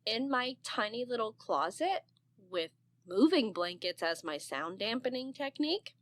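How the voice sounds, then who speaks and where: A woman in her thirties, an aspiring narrator, chatting on a podcast in an expressive, freely swearing way. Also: fairly high pitch, unhurried. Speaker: guest, aspiring narrator and voice actor. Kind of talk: casual podcast chat.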